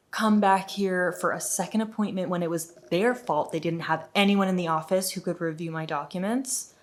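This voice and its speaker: Indignant woman telling a storytime vlog. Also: fairly low pitch. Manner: animated, indignant storytelling with quoted dialogue. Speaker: vlogger.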